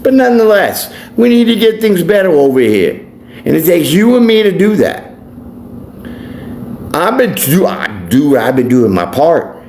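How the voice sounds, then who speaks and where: His voice is high and sing-song, a little mellow, at normal speed. The man, a tarot reader and life coach, rants bluntly and preachily with plenty of profanity in a vlog monologue recorded in an echoey room with faint background noise.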